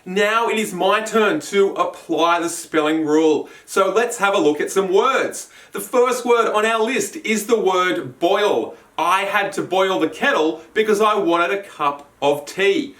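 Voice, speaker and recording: A man presenting a spelling lesson, speaking slowly and clearly and sounding out letters and sounds in an upbeat way. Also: sits high, a bit bright, reverberant, distant mic, faint music behind. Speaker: spelling teacher.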